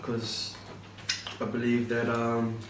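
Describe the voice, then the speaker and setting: A man co-hosting a casual mukbang vlog, talking in a relaxed, hesitant way with many ums. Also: medium pitch, slow pace, reverberant, far from the mic, very noisy. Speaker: vlog co-host.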